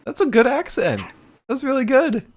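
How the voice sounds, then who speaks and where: A man's voice: extremely high pitch, sing-song, moderate pace. A young man hosting a live podcast, joking loosely, laughing easily and talking to his chat. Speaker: podcast host. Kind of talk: casual livestream podcast hosting.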